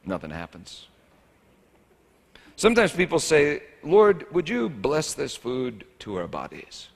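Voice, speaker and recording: A man's voice: a little high, huge pitch swings, takes it slowly, gravelly. A man preaching a sermon as a pastor, talking in a wry, conversational and humorous way. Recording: echoey hall reverb.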